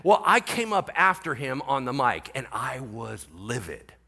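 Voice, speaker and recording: Middle-aged male pastor preaching, animated storyteller with a lively, swinging delivery and a bright edge. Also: mid-range voice, unhurried, slightly rough. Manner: animated storytelling, voices others in quotes, swings from quiet to shouting. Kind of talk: sermon.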